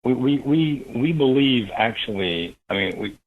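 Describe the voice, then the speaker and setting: A man as an interview guest, telling a story in an animated way that rises with excitement. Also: mid-range voice, unhurried, phone-quality sound.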